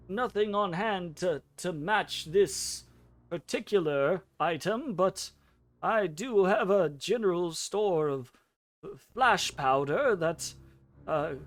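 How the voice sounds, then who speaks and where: A man's voice: high voice, voice pushed up. A man voicing a frail, very old male drow mage with a quavering voice, in a tabletop game. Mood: musing. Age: older.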